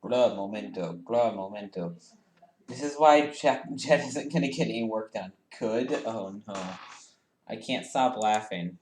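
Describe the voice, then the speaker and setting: A young man chatting casually and giggling to himself while doing schoolwork at a computer, often mumbling quiet asides that trail off. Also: mid-range voice, a little slow, a little hiss or hum. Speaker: vlogger. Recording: roomy echo, faint keyboard typing.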